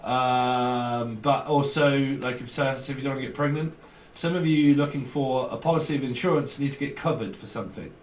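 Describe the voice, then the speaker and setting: A medium-pitched man keeps a moderate pace with few pauses as he gives a loose, jokey tarot reading to camera, chuckling as his thoughts wander. Sitting back from the mic, he sounds echoey, with a faint hiss underneath.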